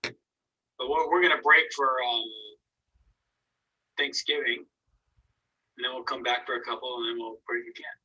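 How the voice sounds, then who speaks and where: A man's voice: medium pitch, little pitch movement, a little slow, long pauses, sharp tone, distant mic, dull audio, slight background noise. A man teaching an online painting class, giving casual, encouraging critiques of students' work and thinking aloud as he goes. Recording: voice from away from the mic.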